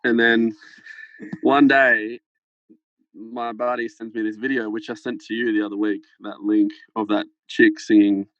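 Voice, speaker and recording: A man's voice: fairly low pitch, a little slow, no echo, dull audio. Swearing man telling a rambling story. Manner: rambling, swearing, animated anecdote. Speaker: podcast guest. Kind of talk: casual storytelling. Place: farmhouse. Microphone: phone held close to head.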